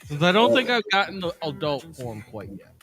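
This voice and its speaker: A man's voice: fairly high pitch, very animated, bright, forceful tone, faint music behind. A man taking part as a player in a tabletop game, speaking hesitantly. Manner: hesitant, unhurried. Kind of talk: casual tabletop game play.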